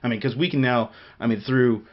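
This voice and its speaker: A man's voice: medium pitch, steady tone, brisk, dull audio. A man from Missouri co-hosting a casual gaming chat show, rambling with many restarts, fillers and laughs. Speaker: podcast co-host.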